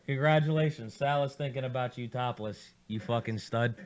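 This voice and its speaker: A man runs a loose, profane studio chat and needles his guests as they talk. His voice sits at an ordinary middle pitch and his delivery is animated. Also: moderate pace. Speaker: radio show host. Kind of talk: casual studio banter. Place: radio studio.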